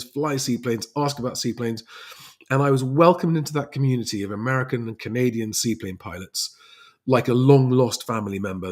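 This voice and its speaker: Husky-voiced English man chatting on a livestream. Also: medium pitch, a little mellow. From England. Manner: chatty, many fillers and restarts. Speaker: livestream host and private pilot. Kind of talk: casual livestream chat.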